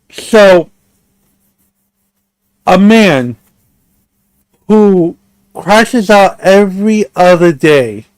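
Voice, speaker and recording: High-pitched, slow, incredulous male streamer. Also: darkish tone, clean tone, dry recording. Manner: incredulous, emphatic. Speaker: commentary streamer. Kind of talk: reaction commentary.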